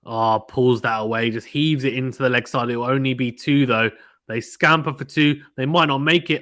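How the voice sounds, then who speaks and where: A man from the United Kingdom hosting a casual live cricket watchalong, reading viewer comments aloud and getting excited at big shots. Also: mid-range voice, moderate pace. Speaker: host reading live chat.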